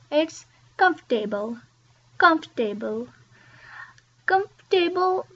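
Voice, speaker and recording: A woman's voice: high-pitched, lo-fi sound. A woman teaching English pronunciation, saying each word twice with careful emphasis. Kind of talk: pronunciation lesson.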